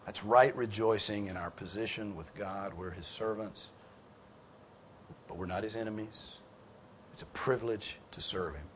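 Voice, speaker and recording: A male pastor teaching scripture to a class in a lowish voice. He is earnest and emphatic, and he climbs in pitch and volume when he wants a point to land. A faint hiss sits under the recording. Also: normal speed. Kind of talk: sermon with group discussion.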